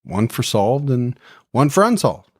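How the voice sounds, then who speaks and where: A man's voice: medium pitch, very animated, unhurried, no room sound, studio quality. A man co-hosting a podcast, chatting casually in joking, self-deprecating banter. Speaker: podcast co-host. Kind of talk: casual chat.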